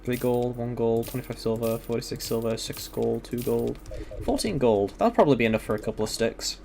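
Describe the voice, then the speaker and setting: Young male streamer, loose meandering gaming chat, casual profanity, mid-pitched voice. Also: brisk, gravelly, music in the background. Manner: rambling, filler-heavy, swears casually.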